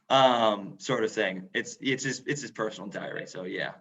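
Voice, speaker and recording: Chatty man, bright voice, lo-fi call. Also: medium pitch, normal speed, hardly any pauses. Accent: northern English put on. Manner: chatty, rambling, many fillers and restarts. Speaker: museum role-player. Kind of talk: casual Q&A talk on a video call. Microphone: video call. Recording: dull lo-fi video call audio.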